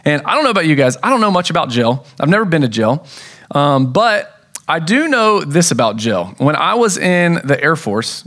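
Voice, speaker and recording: A man's voice: fairly high pitch, very animated, moderate pace, a bit bright. A man preaching a sermon as pastor, telling a story in a casual way with acted-out quotes.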